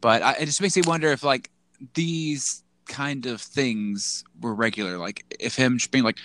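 A man's voice: medium pitch, normal speed, dry recording. A man co-hosting a casual podcast, joking and stammering as he chats. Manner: animated, joking, stammering restarts. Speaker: podcast co-host. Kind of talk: casual chat.

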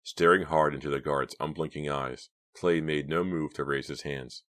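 A man narrating an audiobook in a quiet, steady reading voice. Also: very deep voice, normal speed. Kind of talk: scripted narration.

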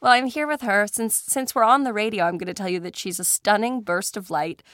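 A woman's voice: medium pitch, fairly quick, a bit bright, no echo. A woman hosting a radio interview show from a studio, effusive and joking, laughing often. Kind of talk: warm, chatty interviewing.

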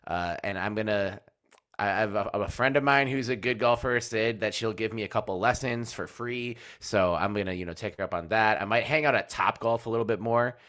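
A man's voice: on the low side, brisk, fairly bright tone. A man co-hosting a casual sports podcast, upbeat and chatty with frequent restarts. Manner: upbeat, plugs merch, stumbles and restarts. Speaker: podcast co-host.

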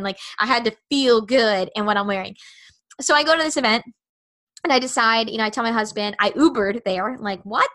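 Woman podcaster in her thirties, bright and slightly high voice, chatty storyteller. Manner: animated, chatty, acts out her own inner voice. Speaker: podcast host. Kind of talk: personal storytelling monologue.

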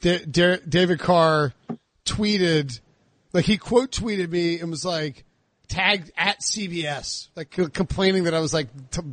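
A high-pitched man hosts a casual sports podcast, breaking into animated rants where his voice leaps upward. The sound is dry and close, with no room around it. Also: unhurried, no echo. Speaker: podcast host.

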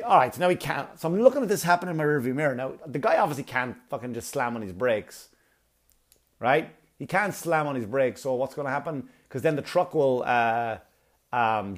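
A comedian chatting casually to his viewers, telling a rambling, profane story with asides, sounding like he has a cold. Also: on the high side.

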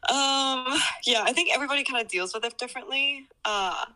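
Young woman, casual reflective chatter, bright tone. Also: high-pitched, brisk, rough recording. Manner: reflective, hedging with many likes. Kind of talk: casual chat.

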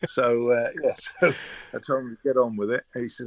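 An older man chatting as a radio guest, telling relaxed stories with a chuckle. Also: mid-range voice, normal speed, gravelly, no echo, highs cut off. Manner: relaxed anecdotal storytelling, chuckling. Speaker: guest, former cricketer. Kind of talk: casual radio interview.

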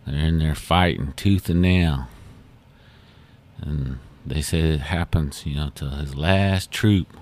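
A man hosting a podcast who tells a story in an unhurried, folksy way with fillers. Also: extremely low pitch, darkish tone. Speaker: podcast host. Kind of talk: oral storytelling.

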